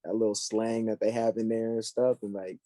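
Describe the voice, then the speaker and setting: A man's voice: on the low side, a little fast, no echo. A young man chatting casually on a podcast, slangy and full of fillers as he tells stories. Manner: slangy, filler-heavy, animated storytelling.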